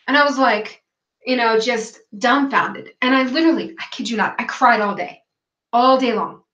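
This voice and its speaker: A woman guest in a casual interview, telling a personal story in an animated way and acting out what others said. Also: fairly high pitch, moderate pace. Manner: animated storytelling, acts out quoted voices. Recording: echoey, dull lo-fi call audio.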